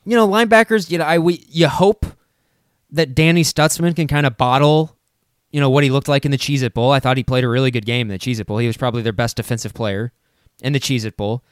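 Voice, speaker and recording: A man co-hosting a casual sports podcast, earnest and full of halting restarts. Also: medium pitch, fairly even intonation, clean tone, dry recording, studio quality. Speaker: podcast co-host.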